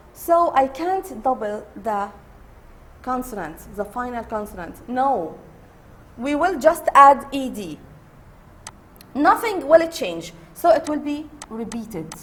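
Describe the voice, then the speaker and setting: Slow-talking woman teacher. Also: high-pitched, slight background noise. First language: Arabic. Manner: slow, repeats key words, switches into Arabic to explain. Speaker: English teacher. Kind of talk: online grammar lesson.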